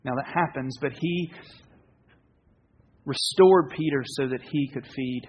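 Man, pastor, earnest conversational sermon, husky voice, long hall reverb. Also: mid-range voice. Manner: earnest, conversational preaching with pauses and restarts. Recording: dull, reverberant hall sound.

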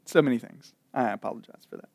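A man preaching a sermon, reading scripture slowly and dramatically, then retelling it with laughs and casual asides. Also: mid-range voice, husky, no echo. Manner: animated storytelling with frequent laughs and asides.

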